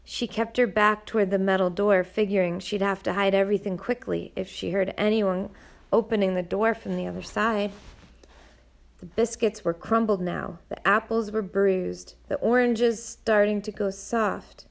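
A woman narrating an audiobook in a measured storytelling manner. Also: medium pitch, steady tone, creaky.

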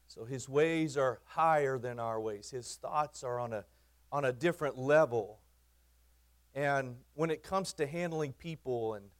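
A male pastor preaches in a conversational sermon style, leaning on emphasis and often repeating or restarting his phrases. His voice sits at a middling pitch, and he throws in light, teasing asides to the people listening.

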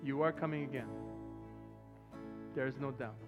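A man preaching a sermon as pastor, talking to the congregation in a relaxed way and breaking into loud excited bursts. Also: mid-range voice, normal speed, lo-fi sound, music in the background.

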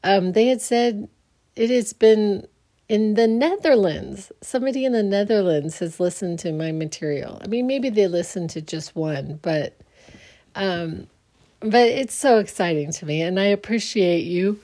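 Her voice medium in pitch, warm, animated, and unhurried, a podcast host rambles through a casual solo chat. It's early morning, she sounds sleepy, and she keeps restarting her sentences.

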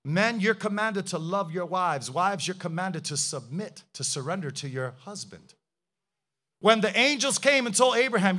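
High, bright-voiced male preacher. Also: moderate pace. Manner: fervent preaching with rhetorical questions and hallelujahs. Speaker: pastor. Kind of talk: sermon.

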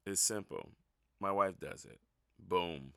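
A man with a very low, gravelly voice talks through a casual solo podcast. His tone is bright and forceful, and he keeps laughing at himself. The sound is close and dry. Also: slow pace, dry recording. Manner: rambling, self-mocking, laughs at his own stories. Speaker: podcast host.

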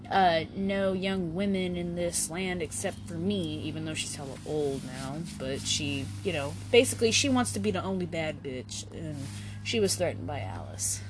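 Give me a laid-back woman host with a slightly low voice, chatting slowly and casually, slangy and full of fillers. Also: background noise. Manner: slangy, swears, many "like" fillers. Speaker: podcast host. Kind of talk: casual storytelling.

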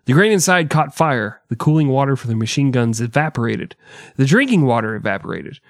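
A man's voice: mid-range voice, big pitch swings, fairly quick, no echo, clean studio sound. A man co-hosting a history podcast, retelling events in a casual, profane, joking way. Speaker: podcast co-host.

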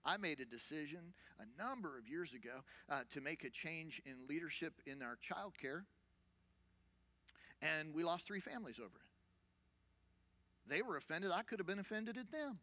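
High bright-voiced preaching man. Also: expressive, normal speed, long pauses. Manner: conversational preaching with rhetorical questions and repetition. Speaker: senior pastor. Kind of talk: sermon.

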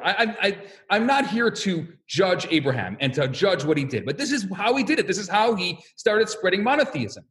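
A man teaching a religious lesson in an animated, storytelling way, acting out voices and asking rhetorical questions. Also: high-pitched. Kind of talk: animated sermon-style lesson.

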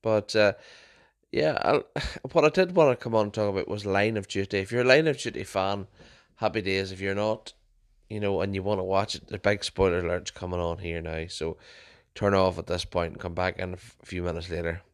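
A man's voice: deep voice, fairly even intonation, a little fast. A young man hosting a podcast, telling stories in a casual, rambling way with frequent restarts and self-corrections. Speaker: podcast host.

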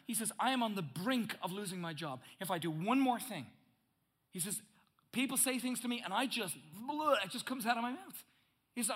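A middle-aged male pastor preaching a sermon, swinging from loud emphatic bursts to hushed, intense asides. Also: sits high, expressive, a little fast.

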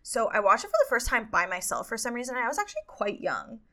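A woman's voice: a little high, wildly swooping pitch, fast talker, bright, forceful tone. A woman co-hosting a podcast, chatting casually about a book and retelling scenes with lots of fillers. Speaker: podcast co-host. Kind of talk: casual book-club chat.

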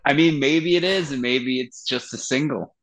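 A man's voice: medium pitch, moderate pace, slight background noise. A man who sings in a band, chatting casually in an interview and telling stories with plenty of swearing. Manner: animated storytelling, swears freely. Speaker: band vocalist.

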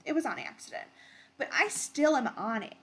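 A woman's voice: high voice, sing-song, moderate pace. Chatty rambling woman podcast host. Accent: Western New York. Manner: rambling, self-deprecating. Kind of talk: casual chat.

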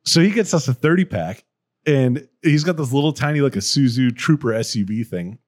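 A man's voice: mid-range voice, expressive, brisk. A man co-hosting a podcast, telling rowdy stories in a casual, profane way and laughing as he goes. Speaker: podcast co-host. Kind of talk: casual storytelling.

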